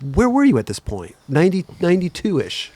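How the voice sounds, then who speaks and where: Lively host with a dry, close voice. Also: male voice, high-pitched, brisk, no room sound. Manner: curious, prompting questions. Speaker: podcast host. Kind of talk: casual interview.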